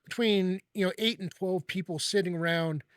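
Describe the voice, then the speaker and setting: A man hosting a casual chat, talking in halting bursts with many restarts and repeated words. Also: high-pitched, no echo, studio quality. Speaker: host.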